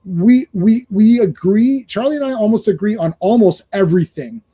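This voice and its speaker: A man's voice: high voice, animated, moderate pace, dark tone, slightly rough. A man hosting a podcast in casual chat, rambling and enthusiastic, often laughing. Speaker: podcast host.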